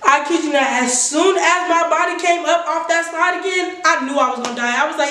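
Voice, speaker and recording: A woman vlogger telling a funny personal story in a casual, animated way, laughing and swearing as she goes. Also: high-pitched, brisk. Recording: roomy echo from a distance.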